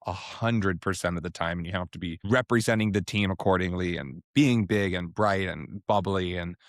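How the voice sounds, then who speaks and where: Man, podcast co-host, very low pitch, easygoing questions, dry sound. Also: moderate pace, no room sound. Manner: easygoing, asks follow-up questions. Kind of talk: casual chat.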